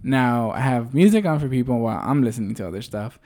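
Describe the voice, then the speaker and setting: A man's voice: medium pitch, expressive, quick pace, a little mellow. A man casually telling a story on a podcast, swearing and laughing often. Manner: laughs often, swears, acts out voices in his stories. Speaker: podcast co-host.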